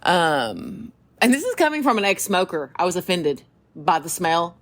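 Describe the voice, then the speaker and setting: A woman with a Southern US accent, co-hosting a podcast and telling stories in casual chat, animated, laughing often and acting out quoted voices. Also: on the low side, moderate pace. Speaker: podcast co-host.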